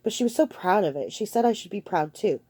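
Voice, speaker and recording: A woman's voice: mid-range voice, lively intonation, fast, warm tone, husky, dry recording, voice pushed up. A woman voicing an earnest young female servant who speaks directly and with hurt indignation, in a dry, close recording. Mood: indignant.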